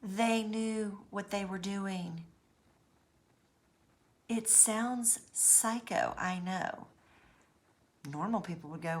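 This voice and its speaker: Brief: woman vlogger, chatty and animated, speaks straight to the viewer. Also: on the low side, slow pace. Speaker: vlogger on abuse recovery. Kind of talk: casual monologue to camera.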